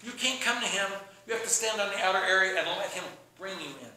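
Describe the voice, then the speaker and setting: A man preaching a sermon, retelling a scripture story with animated storytelling and acting out the characters' lines. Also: high voice, quick pace. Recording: echoey room with faint background noise.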